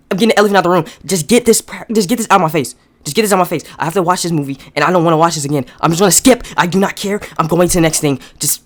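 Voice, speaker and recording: Fast, exasperated ranting movie reviewer. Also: mid-range voice. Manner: exasperated ranting, repeats questions. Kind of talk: comedic movie review commentary.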